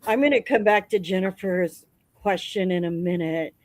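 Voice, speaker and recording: A woman's voice: fairly low pitch, normal speed, rough recording. A woman hosting a casual podcast chat, supportive and conversational.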